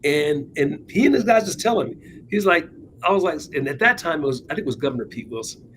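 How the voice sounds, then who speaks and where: Animated, higher-voiced male talk host. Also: fast, slight background noise, rough recording. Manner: chatty, wry, laughs at his own points. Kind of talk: casual political chat, anecdotal storytelling.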